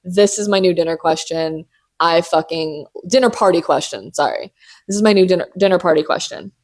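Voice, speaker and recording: A young woman hosting a casual solo podcast, talking in animated, profane, self-mocking bursts while hyped up on caffeine. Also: on the low side, a little fast. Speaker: podcast host.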